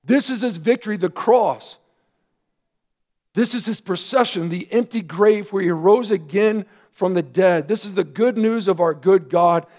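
Man, pastor, sermon, high-pitched, earnest emphatic delivery. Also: measured pace. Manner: earnest preaching with rising emphatic questions and quiet asides.

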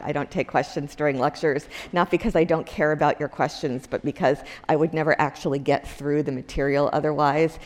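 A woman's voice: sits low, a little mellow. A woman lecturer giving a university lecture in a conversational way, with many fillers and self-corrections. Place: lecture hall.

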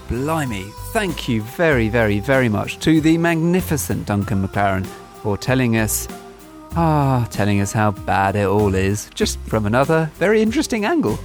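Podcast guy, sarcastic and fed up, voice goes all over the place, bit of music behind. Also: mid-range voice. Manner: sarcastic, exasperated. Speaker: podcast co-host. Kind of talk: casual chat.

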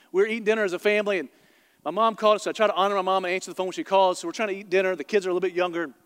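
A man with a high, bright-pitched voice preaches to a packed church. Long reverb trails each phrase through the big hall, and he tells stories with lively asides to the crowd. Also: smooth. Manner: animated storytelling, quick asides to the congregation. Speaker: pastor. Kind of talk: sermon. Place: large church auditorium before a congregation.

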